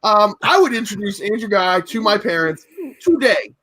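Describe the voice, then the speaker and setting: A man's voice: high-pitched, very animated, moderate pace, sharp tone, a little hiss or hum. A man competing in a comedic podcast debate, arguing in a playful, hyped-up way.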